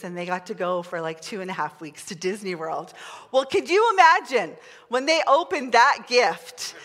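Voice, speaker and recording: A middle-aged woman pastor preaching a sermon, chatty and excitable, leading the congregation in call-and-response. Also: mid-range voice. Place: large church hall. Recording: long hall reverb.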